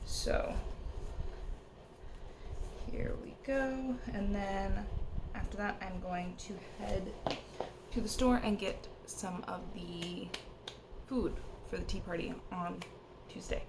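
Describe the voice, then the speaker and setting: A young woman talks through her errands and plans in a loose, chatty way, wandering into little asides. Her voice has a gravelly fry at its edges, and the phone recording carries a steady noisy background. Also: medium pitch, takes it slowly, long pauses. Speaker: vlogger. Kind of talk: casual vlog narration.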